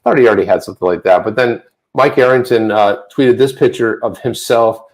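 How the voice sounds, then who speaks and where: A man co-hosting a casual livestream chat, rambling with many restarts and getting animated when he rants. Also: medium pitch, fairly quick. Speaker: co-host. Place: home office.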